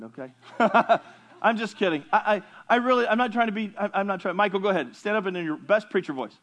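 Male pastor with a high voice, teaching scripture conversationally, quizzes and teases the class. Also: animated, brisk, fairly bright tone. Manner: conversational, asks the class questions, jokes with listeners. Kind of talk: teaching sermon.

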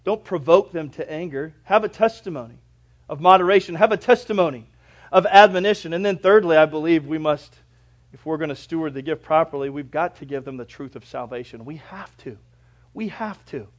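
A middle-aged male pastor preaching a sermon, with a preacherly delivery that swings from loud emphatic lines to low quiet drops, and that stretches out scripture quotes slowly.

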